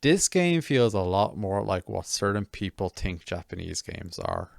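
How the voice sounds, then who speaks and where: A man's voice: sits low, sing-song, a little slow, gravelly, no room sound. A man streaming a game, chatting casually with viewers in a rambling, self-mocking way full of restarts.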